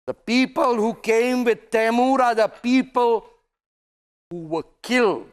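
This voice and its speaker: A man on a TV debate panel talks in a very high voice. He makes big emphatic declarations and keeps talking through interruptions. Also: takes it slowly, clear, resonant tone. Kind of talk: heated TV debate.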